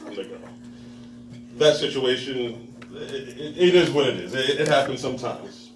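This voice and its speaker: In a mid-range voice at a moderate pace, a comedian in his thirties rambles through a story at an open mic in a bar with a live audience. He plays out the people in it and laughs at his own jokes. The recording comes from a roomy, distant mic with the crowd and slight background noise.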